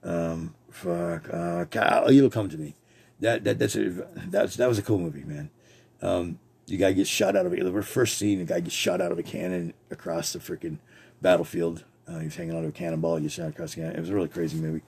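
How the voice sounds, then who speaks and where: Rambling gravelly-voiced man telling stories. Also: sits low, animated, brisk, a little mellow. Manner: rambling, profane, laughs often. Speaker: podcast host. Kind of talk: rambling personal storytelling.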